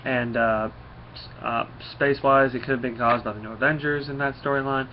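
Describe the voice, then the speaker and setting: A man's voice: medium pitch, steady tone, fairly quick, lo-fi sound, slight background noise. A man giving a casual comic book recap, rambling and full of fillers.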